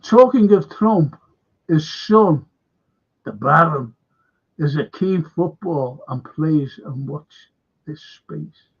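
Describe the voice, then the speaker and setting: A man's voice: on the high side, lively intonation, takes it slowly, slightly rough. A man hosting a live football fan show, telling rambling anecdotes, swearing freely and laughing often. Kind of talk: casual live-stream chat. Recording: lo-fi dull audio.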